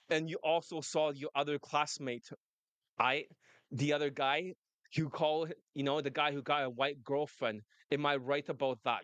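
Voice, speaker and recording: A man's voice: a little high, fairly even intonation, measured pace, a bit bright, clean tone, no room sound. A man working as a dating coach, talking in a brash, rambling way and laughing often. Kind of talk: casual monologue and phone chat.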